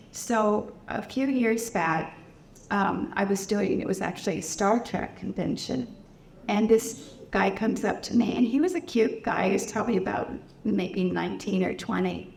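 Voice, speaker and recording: An older woman, a guest actress, telling warm, chatty anecdotes at a convention Q&A. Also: gravelly, a little hiss or hum. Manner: warm, chatty anecdotes that rise high and laughing at punchlines. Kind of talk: convention Q&A storytelling.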